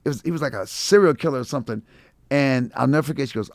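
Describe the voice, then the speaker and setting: A middle-aged man tells his stories with a rough, gravelly edge, jumping into the voices of everyone he quotes. The sound is close and dry, with no room around it. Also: medium pitch, fast talker, no room sound. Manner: animated storyteller acting out quotes, laughing. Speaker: guest comedian. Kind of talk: casual storytelling interview.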